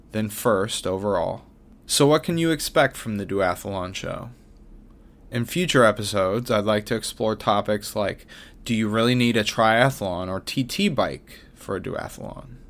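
A man's voice: on the low side, a bit bright. A man hosting his own sports podcast, reading a wry, self-mocking script with jokey asides. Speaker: podcast host. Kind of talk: scripted monologue.

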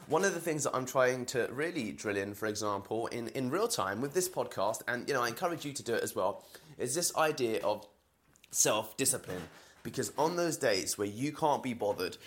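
A man with a London accent hosts a solo podcast from home. He rambles through his thoughts with plenty of fillers and false starts. His voice sits at an ordinary middle pitch. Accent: London English. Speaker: podcast host. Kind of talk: casual solo podcast monologue. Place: indoors in a home kitchen while boiling eggs.

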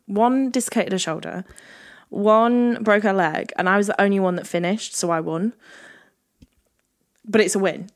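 A woman co-hosting a podcast in casual chat, telling animated stories and acting out what people said. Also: medium pitch, moderate pace, long pauses. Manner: animated storyteller who laughs often and acts out quotes. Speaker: podcast co-host.

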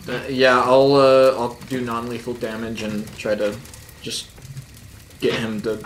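A man's voice: mid-range voice, little pitch movement, measured pace, a little hiss or hum. Matter-of-fact male player, echoey room. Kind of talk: tabletop game talk.

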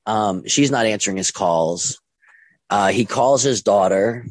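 A young man telling his own story casually, halting with many ums and restarts and acting out what others said. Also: fairly low pitch, dry recording. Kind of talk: casual first-person storytelling.

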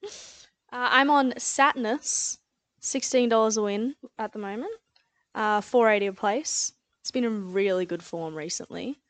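A woman giving her race tips in a relaxed, chatty way, laughing easily. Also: medium pitch, a little slow, dry recording. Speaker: podcast guest tipster. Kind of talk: casual racing tips chat.

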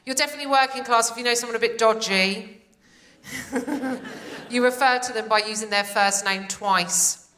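A woman's voice: a little high, normal speed, long pauses, pushed and bright, slight background noise. A British woman in her forties doing a sardonic, punchy stand-up set. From Britain. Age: 40s. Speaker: stand-up comedian. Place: theatre stage with live audience. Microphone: stage microphone.

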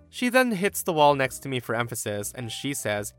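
Lively man reading a story aloud. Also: on the high side, normal speed, hardly any pauses. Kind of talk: scripted story narration. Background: faint music.

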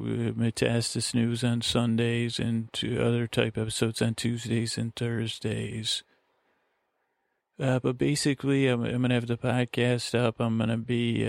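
A man's voice: medium pitch, gravelly, dry recording. A man hosting a bedtime podcast, rambling in meandering circles and interrupting himself to help listeners fall asleep. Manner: meandering, self-interrupting, drowsy. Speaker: podcast host. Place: lakeside vacation spot.

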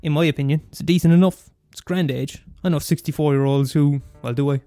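Fast-talking and fairly high-pitched, this young Irish-accented man in his twenties rants casually and swears freely as a student radio host. There's no echo, just soft music playing in the background of his animated monologue.

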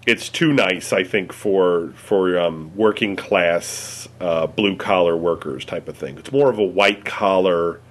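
A low-voiced man chatting casually, his thoughts spilling out in halting bits with plenty of fillers and restarts. He sounds relaxed and unscripted. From Cleveland area, United States. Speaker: conversation partner. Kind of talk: casual chat.

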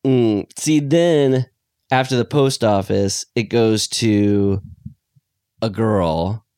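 A man co-hosting a podcast, chatting casually about a horror film in an excitable, rambling way with sudden jumps in pitch. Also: very slow, smooth, no room sound, studio quality. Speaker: podcast co-host. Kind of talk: casual film review chat.

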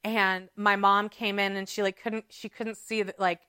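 Bright, crisp-voiced woman telling a story. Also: mid-range voice, normal speed, no echo, studio quality. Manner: animated, dramatic retelling with many "like"s. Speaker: podcast co-host. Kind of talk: casual storytelling chat.

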